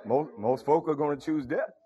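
A man's voice: fairly high pitch, moderate pace, mellow. A man preaching a folksy sermon, calling out to his congregation. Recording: dull lo-fi recording.

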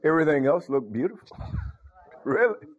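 A man's voice: a little high, big pitch swings, normal speed. A man preaching a folksy sermon, calling out to his congregation. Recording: dull lo-fi recording.

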